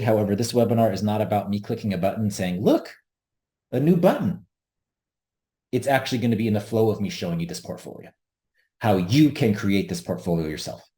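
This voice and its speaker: A man's voice: fairly low pitch, mellow. A man hosting an options trading webinar, talking earnestly and emphatically and repeating his key points. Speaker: webinar host, options trader. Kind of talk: presenting a webinar.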